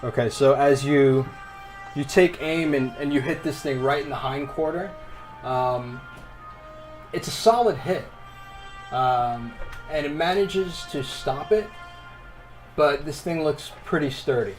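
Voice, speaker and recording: A man running a tabletop game as game master, narrating the action in a loose, animated way with bursts of excited whoops. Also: fairly high pitch, slow pace, long pauses, faint music behind.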